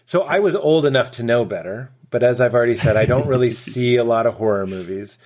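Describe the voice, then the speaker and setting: This podcast guest is a comedian with a mid-range voice who talks briskly. He swaps stories in a relaxed, animated way, performing quotes and laughing a lot.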